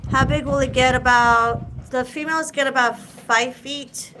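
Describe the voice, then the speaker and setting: A woman's voice: high voice, fairly even intonation, measured pace, noisy background. A woman and mother hosting a casual live chat, talking in a loose, rambling way and swearing freely. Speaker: livestream host.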